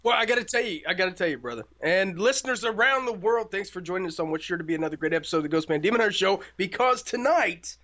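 Indiana man, high bright voice, rowdy co-host of a ghost radio show. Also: animated, quick pace, hardly any pauses. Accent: Indiana twang. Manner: boisterous, calls people brother. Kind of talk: paranormal radio show banter.

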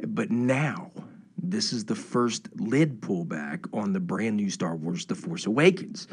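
A man's voice: lowish voice, lively intonation, a little slow, husky. A man hosting a casual radio talk show, hyping guests in announcer style and joking with his co-host. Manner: hyped, announcer-style introductions with playful joking.

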